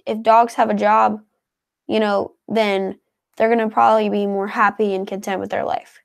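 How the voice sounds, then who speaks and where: Chatty woman with vocal fry. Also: mid-range voice, flat delivery, normal speed. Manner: chatty, heavy on filler words like "like" and "um". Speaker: co-host reading viewer comments. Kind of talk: casual live chat.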